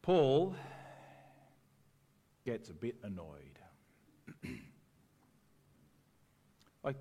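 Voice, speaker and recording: A man preaching a sermon in a conversational, animated way, often acting out the voices of people in the story. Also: medium pitch, takes it slowly, long pauses, in a large hall. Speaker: pastor.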